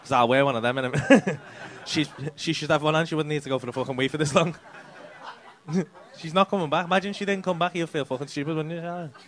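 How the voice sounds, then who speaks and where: A man's voice: a little high, fast talker, slight background noise. A male stand-up comedian doing crowd work, teasing people in the audience with sweary banter. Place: comedy club stage.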